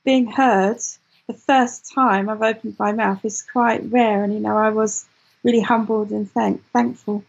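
A woman guest in an interview, telling her story in an animated way with many restarts. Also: fairly high pitch, unhurried, gravelly, lo-fi sound. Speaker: guest, client. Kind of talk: interview chat.

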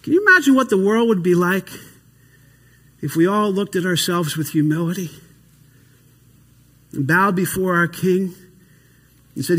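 High-pitched husky male pastor preaching. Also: a bit bright, in a large hall. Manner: earnest preaching, slows and stresses scripture lines. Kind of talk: sermon.

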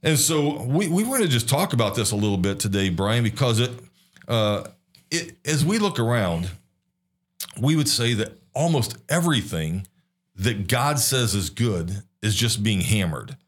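A man's voice: medium pitch, animated, measured pace. A man co-hosting a faith-based podcast in casual discussion, talking hesitantly with frequent restarts and fillers. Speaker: podcast co-host.

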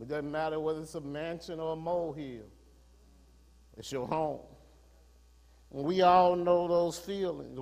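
A pastor delivers a sermon in a church, his fairly high voice ringing with a long hall reverb. He starts in an easy, conversational register and climbs into fervent, rising preaching. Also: darkish tone. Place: church sanctuary.

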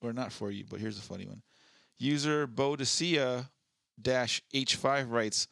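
Gravelly-voiced man reading posts aloud. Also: medium pitch, unhurried, fairly bright tone, no echo, clean studio sound. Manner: laid-back, reads posts aloud. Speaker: podcast co-host.

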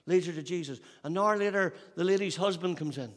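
A preacher with a slightly high voice delivers a sermon in a church hall. He builds to fervent peaks and then drops to a soft, low pleading. Long reverb hangs behind every word. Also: fairly quick, few pauses.

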